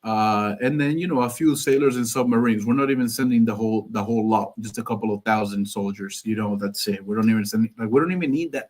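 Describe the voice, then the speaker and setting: A man's voice: lowish voice, fast, hardly any pauses, darkish tone. Man, Cuban background, live stream host, rambling casual commentary, jokes, reads sources aloud.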